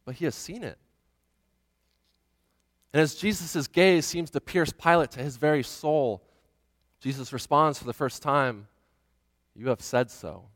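A man retells a scripture story as a dramatic sermon. He drops to a hush, then swells to loud, urgent passages. His voice sits slightly high, with a long reverb tail behind it. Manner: expressive, swings from hushed to loud.

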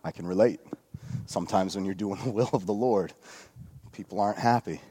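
A male pastor preaching a sermon at a church service, retelling a scripture story in a relaxed, joking way with lots of asides. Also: deep voice, a little fast, slightly rough. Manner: casual storytelling with jokes and asides.

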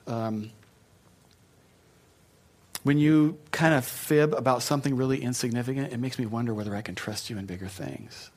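A man giving a sermon as a pastor. He talks in a relaxed, conversational way and breaks off for joking asides. His voice sits at an ordinary middle pitch. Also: normal speed, long pauses.

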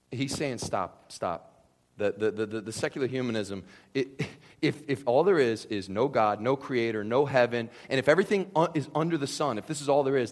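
A man preaching a sermon, animated and conversational, acting out the voices of imagined people. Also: medium pitch, long reverb tail. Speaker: pastor.

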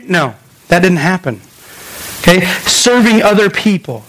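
A man pastor preaching a sermon in a lively storytelling way, acting out voices and making quick asides. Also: sits high, slight background noise, poor audio.

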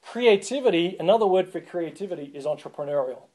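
A pastor with a high voice talks fast through a lively sermon, cracking jokes and calling on the congregation to answer back.

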